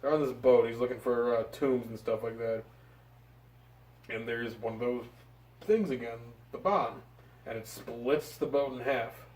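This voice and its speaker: Brief: rambling, excited male co-host, medium pitch, recorded from a distance in a roomy space. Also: measured pace. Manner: excited, rambling with fillers and laughs. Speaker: movie review co-host. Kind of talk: casual chat. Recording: roomy, from off the mic.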